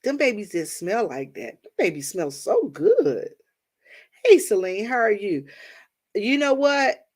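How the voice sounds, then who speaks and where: A woman's voice: a little high, sing-song, unhurried, a little mellow, breathy edge. A woman from Washington, D.C. hosting a livestream, chatting casually with viewers and telling stories, calling them y'all. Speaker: livestream host.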